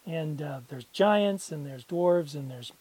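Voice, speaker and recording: A woman's voice: low voice, a little slow, warm tone. A woman co-hosting a podcast in a casual chat, rambling with restarts. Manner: rambling, frequent restarts and laughs. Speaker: podcast co-host.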